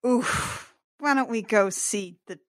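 A woman's voice: on the high side, slow, no echo, studio quality. A woman co-hosting a podcast, giving wry, casual movie commentary and swearing freely. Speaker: podcast co-host.

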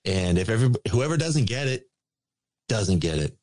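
A man on a podcast, ranting emphatically and repeating his points with drawn-out stress. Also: fairly low pitch, sing-song, darkish tone. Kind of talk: casual podcast rant.

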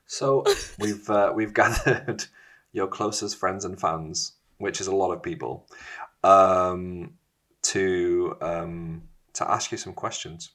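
A man's voice: sits low, fairly even intonation, slow pace, fairly bright tone. A man hosting a casual chat, teasing his guest and laughing often. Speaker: host.

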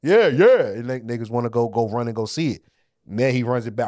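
A man co-hosting a podcast, telling a story in casual chat, animated and profane, often laughing as he goes. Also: medium pitch, brisk, no echo, clean studio sound. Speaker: podcast co-host.

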